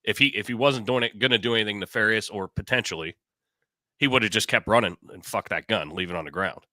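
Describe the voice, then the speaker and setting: Bright low-voiced man, blunt co-host. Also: quick pace, no echo. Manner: blunt, agreeing, swears freely. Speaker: podcast co-host. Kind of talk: casual opinion chat.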